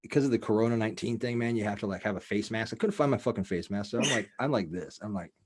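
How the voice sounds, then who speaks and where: A man hosting a casual podcast, telling a wild story in a profane, rambling, animated way. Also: lowish voice, quick pace, slightly rough. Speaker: podcast host.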